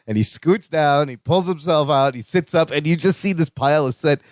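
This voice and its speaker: A man's voice: on the high side, normal speed, no room sound, clean studio sound. A man co-hosting a podcast, chatting casually about a sitcom episode and acting out the characters' lines. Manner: animated, acts out quoted lines in character. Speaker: podcast co-host.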